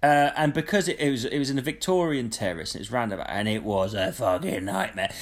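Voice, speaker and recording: A man's voice: mid-range voice, fast talker. A man telling a long, sweary, indignant story in casual chat. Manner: sweary, indignant, mimics people in his stories.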